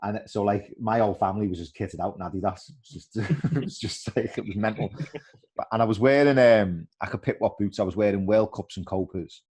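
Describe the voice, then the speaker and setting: Deep-voiced Liverpudlian man telling stories. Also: brisk, breathy edge. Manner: animated storyteller acting out quoted voices. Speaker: former footballer guest. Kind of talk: casual anecdotal interview.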